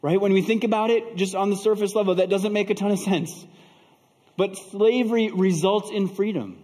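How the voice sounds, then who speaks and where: A man's voice: sits high, normal speed, dark tone, big-room sound. A man preaching a sermon, moving from storytelling into fervent preaching with rhetorical questions. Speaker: pastor.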